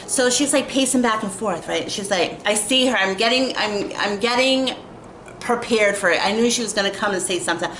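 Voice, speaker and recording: A young woman vlogger tells an exasperated storytime rant, packed with fillers and constant "like." Her mid-range voice runs a little fast and a bit bright, with a touch of hiss or hum. The recording sounds like an echoey room with faint ambience.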